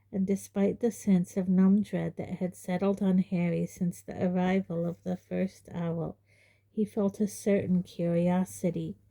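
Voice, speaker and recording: Slow, dark-voiced woman narrating an audiobook. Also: on the low side. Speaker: audiobook reader.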